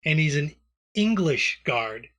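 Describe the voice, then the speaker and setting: Bright-toned man rambling on a comedy podcast. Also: a little high, very animated, slow pace. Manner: rambling, profane, full of fillers. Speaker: podcast co-host. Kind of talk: casual comedy chat.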